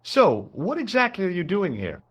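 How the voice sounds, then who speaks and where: A wry hero in a game, narrating with dry sarcasm. His pitch moves in animated ups and downs. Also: moderate pace, breathy edge, exaggerated voice. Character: wry American tourist-detective hero.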